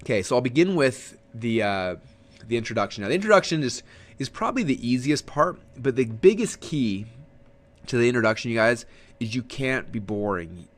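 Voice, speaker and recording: A man teaching marketing in a casual, energetic way, swinging his voice up and down, with many fillers and repeated words. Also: moderate pace. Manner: energetic, animated, swings pitch up and down. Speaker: webinar trainer.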